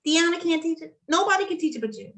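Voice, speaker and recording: A woman's voice: very high-pitched, animated, fast talker, a bit bright, poor audio. A woman co-hosting a podcast in casual chat, encouraging and emphatic, repeating her points. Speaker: podcast co-host.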